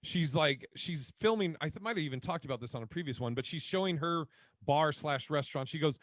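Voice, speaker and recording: A man's voice: on the high side, fairly quick, no echo. A man hosting a casual podcast chat, telling stories animatedly, swearing freely and acting out what people said. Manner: animated storyteller, swears a lot, acts out quotes. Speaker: podcast host.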